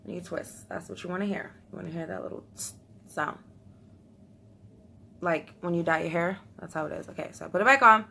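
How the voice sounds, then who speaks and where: Young woman chatting at home, kinda low voice, nervous giggly y'all talk, little hiss behind. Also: brisk, vocal fry, long pauses, sharp tone. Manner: chatty, nervous, laughs often, talks to viewers as y'all. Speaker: vlogger. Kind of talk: casual beauty vlog chat.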